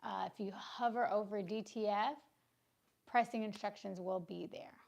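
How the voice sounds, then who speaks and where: A woman, casually co-hosting a business livestream, brisk and teasing, with a sore throat. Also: medium pitch, steady tone, gravelly, darkish tone.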